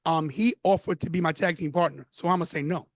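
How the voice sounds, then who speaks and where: Animated new york man in his fifties. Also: a little high, fast talker, no echo. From Brooklyn, New York. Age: 50s. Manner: animated, emphatic storytelling with repeated phrases. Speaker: podcast guest, former wrestler. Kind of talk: casual interview chat.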